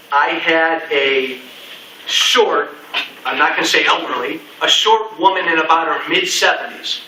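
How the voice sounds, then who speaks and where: Speaking to an audience in a meeting room, a middle-aged man delivers a punchy campaign speech full of repeated slogans and folksy asides. His fairly high voice sounds pushed and bright, picked up by a distant mic in an echoey space with slight hiss or hum.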